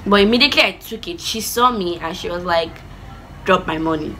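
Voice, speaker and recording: A woman telling a childhood story in a chatty, animated vlog style with lots of asides. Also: medium pitch, fast talker, slight background noise, low-quality recording. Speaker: vlogger.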